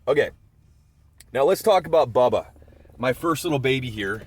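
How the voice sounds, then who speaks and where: A man's voice: mid-range voice, lively intonation, moderate pace, breathy edge. A man in his forties telling rambling, chatty stories about his dogs in a casual vlog. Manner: rambling, chatty storytelling with many asides. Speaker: dog owner vlogger.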